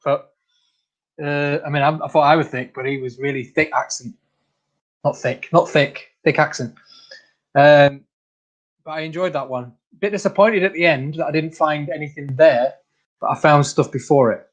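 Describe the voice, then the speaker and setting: A man's voice: a little high, fairly even intonation, moderate pace, pauses often, lo-fi sound. A man hosting a casual livestream, reading out viewer comments, laughing often and calling people mate. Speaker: channel host.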